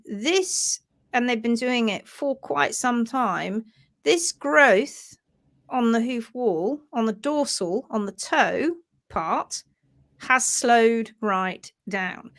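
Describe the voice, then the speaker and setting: A woman teaching hoof care on a live stream, animated and chatty. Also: on the high side, takes it slowly. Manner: animated, acts out little voices for hoof parts.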